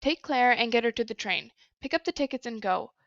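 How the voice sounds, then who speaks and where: A woman's voice: a little high, expressive, fairly quick, vocal fry, fairly bright tone, no room sound, dull audio. A woman reading the lines of a curt, irritable teenage boy in a story. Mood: irritated. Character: teenage boy with a short temper.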